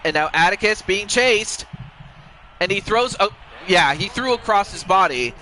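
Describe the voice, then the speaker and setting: A man doing casual play-by-play commentary on a video game football match, excitable and rambling, with quick exclamations. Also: high voice, slight background noise, rough recording. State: has the hiccups.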